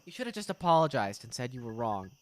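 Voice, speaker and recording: A woman's voice: extremely low pitch, sing-song, fast, darkish tone, pitched below the performer's own voice. A woman voicing an anxious, resigned older brother who pleads in a subdued voice. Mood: worried.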